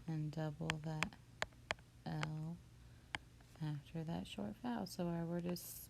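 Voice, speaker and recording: A woman teacher leads a spelling lesson in a low, heavily gravelly voice. She explains each step patiently and very slowly. Steady background noise sits under the recording.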